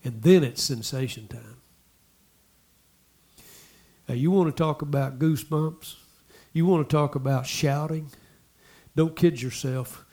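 A man preaching a sermon, talking to the congregation in asides and repeating lines as he builds to loud exhortation. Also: on the high side, normal speed. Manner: impassioned, repetitive preaching that swells to loud exhortation. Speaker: pastor.

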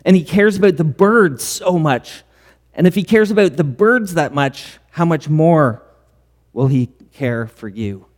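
A man's voice: a little high, expressive, a little slow. A man preaching a sermon as pastor, earnest and full of rhetorical questions. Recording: long hall reverb.

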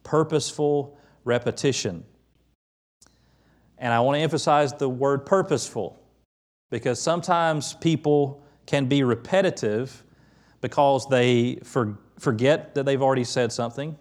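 A middle-aged pastor giving a conversational sermon, quick to lift his voice when quoting the prophets. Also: medium pitch, a little mellow.

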